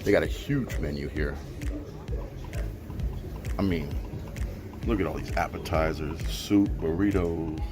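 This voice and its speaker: Low-voiced guy in his 40s, toy shop owner vlogging, hyped about every detail, loud music going behind. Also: a little slow, long pauses. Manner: enthusiastic, describes things in eager detail. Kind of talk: casual food and toy vlog. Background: loud background music.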